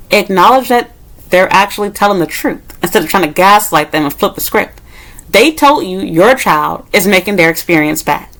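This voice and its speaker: A woman's voice: medium pitch, a bit bright, rough recording. A woman vlogger ranting straight to the camera, blunt, sarcastic and full of swearing, her voice jumping up sharply when she makes a point. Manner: blunt, profane and exasperated; sarcastic, with mocking asides. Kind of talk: monologue rant to camera.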